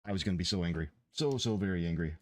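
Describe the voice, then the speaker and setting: A man's voice: low voice, very fast, darkish tone. A man streaming his game development, chatting casually in a rambling, profane, exasperated way. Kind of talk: casual livestream chat.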